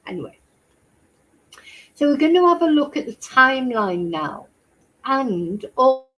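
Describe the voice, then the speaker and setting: A woman's voice: sits high, sing-song, measured pace, a bit bright, poor audio. Chatty woman hosting true crime. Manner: chatty, rambling, asks rhetorical questions. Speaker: true crime channel host. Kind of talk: casual chat with live chat viewers.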